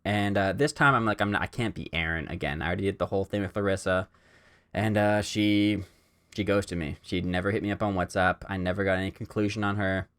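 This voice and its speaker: A man's voice: deep voice, steady tone, fairly quick, a bit bright, clear, resonant tone. A young man from Canada hosting a casual solo podcast, telling stories in a rambling way with lots of "like" and "um". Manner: rambling storyteller, heavy on "like" and "um". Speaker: podcast host.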